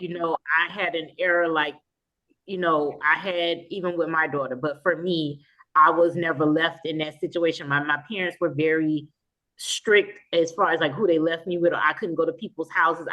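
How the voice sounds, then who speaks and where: A woman's voice: deep voice, a bit bright. A woman co-hosting a podcast who responds sympathetically and chats casually about her own upbringing. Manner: sympathetic, conversational. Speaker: podcast co-host. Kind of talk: casual conversation. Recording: dull lo-fi sound.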